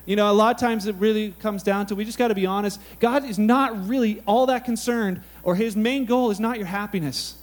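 Brief: male pastor, very high voice, chatty sermon, faint mains hum. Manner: casual, conversational, asks the audience questions.

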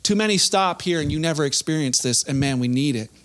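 A young man with a high voice preaches in a loose, chatty way, slipping into playful little acted-out bits. His delivery feels like talking with friends rather than lecturing. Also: lively intonation, fast talker, a bit bright. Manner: casual, conversational preaching with playful acted-out asides. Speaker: pastor. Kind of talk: sermon.

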